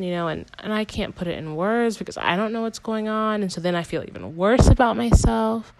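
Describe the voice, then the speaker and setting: A woman's voice: mid-range voice, normal speed, poor audio. A young woman hosting a casual personal podcast, talking candidly in a rambling way with lots of "like" and self-corrections. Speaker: podcast host.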